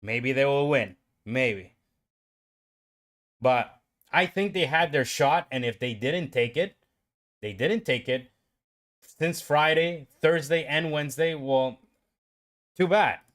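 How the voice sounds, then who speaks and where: A man giving live trading commentary on his own stream, talking to himself and his viewers and swinging from calm explaining to excited outbursts. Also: medium pitch, slow pace, long pauses. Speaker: livestream day trader.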